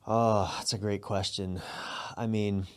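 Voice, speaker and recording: A man's voice: lowish voice, slow, clear, resonant tone. A middle-aged man, a relationship coach, speaking reflectively as an interview guest over a video call, searching for words. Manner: reflective, searching for words, animated when excited. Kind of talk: candid interview conversation.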